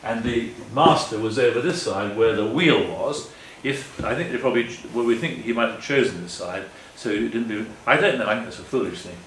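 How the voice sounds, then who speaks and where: An older man, a guest speaker, gives a public talk with slides in a meeting hall, rambling earnestly and often correcting himself. His lowish voice moves a little fast with hardly any pauses. Recorded from a distance in an echoey room, the audio has a noisy background and faint ambience.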